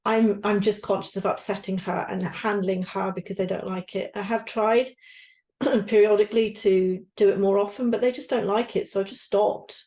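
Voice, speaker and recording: Brief: frank woman co-host, searching aloud, swears, restarts sentences, mid-pitched. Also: fairly even intonation, moderate pace, mellow, poor audio. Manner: candid, self-searching, swearing, trailing off. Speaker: podcast co-host, guesthouse owner. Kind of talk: candid casual chat.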